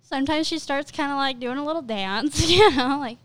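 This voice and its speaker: A woman's voice: sits high, a little fast, fairly bright tone, dry recording. A young woman co-hosting a podcast, chatting candidly and giggling as she acts out inner voices. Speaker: podcast co-host. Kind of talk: casual chat.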